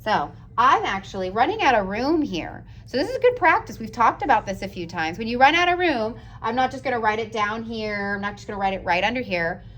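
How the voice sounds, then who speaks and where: A woman teacher giving a slow, patient, encouraging writing lesson for young children, sounding out letters and praising often. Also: a little high, expressive, fairly bright tone. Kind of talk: early-grades writing lesson.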